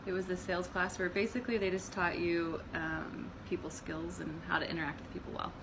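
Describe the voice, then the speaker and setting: A woman's voice: on the low side, brisk, creaky, background noise. A woman in her thirties co-hosting a casual chat about marriage, telling stories with lots of laughter and acted-out quotes. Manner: animated storyteller, laughs often, acts out quotes. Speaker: co-host of a marriage channel.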